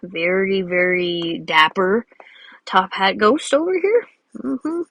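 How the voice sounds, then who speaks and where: A woman's voice: mid-range voice, slow pace, a bit bright, no room sound. A woman giving casual, rambling, giggly commentary while she draws. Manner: rambling and giggly, many fillers. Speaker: drawing video creator.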